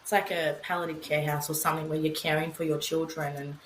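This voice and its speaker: A woman's voice: low-pitched, little pitch movement, fast, a little hiss or hum. A young adult Australian woman, a podcast guest, telling her story frankly and emotionally, swearing freely and acting out what she said. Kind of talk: candid conversational storytelling. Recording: roomy echo with faint ambience.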